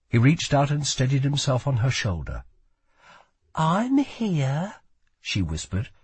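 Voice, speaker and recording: A man narrating a fantasy novel as an audiobook, reading in a measured, dramatic way. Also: mid-range voice, a little mellow, slightly rough, dry recording. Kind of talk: scripted narration.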